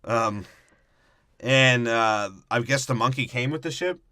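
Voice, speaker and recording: A man's voice: medium pitch, a little slow, pushed and bright, dry recording, studio quality. A young man co-hosting a podcast, recapping a movie in a casual, profane, joking way. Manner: profane, jokey, slips into silly character voices. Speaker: podcast co-host.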